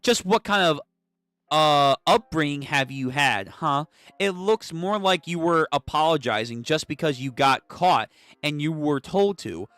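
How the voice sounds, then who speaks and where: A man's voice: a little high, expressive, unhurried, a bit bright, no room sound, faint music behind. A man voicing a prim, accusing mother who lectures a boy while reading a comic aloud. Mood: lecturing. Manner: reproachful, lecturing. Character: scolding middle-aged mother, prim and accusing.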